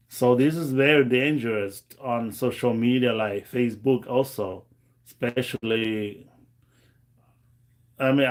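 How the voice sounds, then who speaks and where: Male livestream host. Unhurried, rambling delivery, medium pitch. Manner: rambling storytelling with many fillers. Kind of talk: casual livestream chat.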